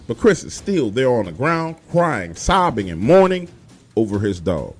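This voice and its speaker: A man's voice: medium pitch, very animated, moderate pace, faint music behind. A man telling a first-person horror story in a casual, emphatic, profane way.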